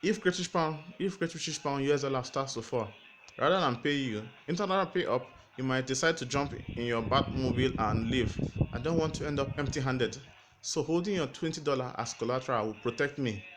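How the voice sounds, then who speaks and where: A man's voice: medium pitch, a little fast, fairly bright tone, a little hiss or hum, natural voice. Spider-Man as a man doing a sly broker. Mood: explaining. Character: sly scheming male superhero acting as broker. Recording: music playing underneath.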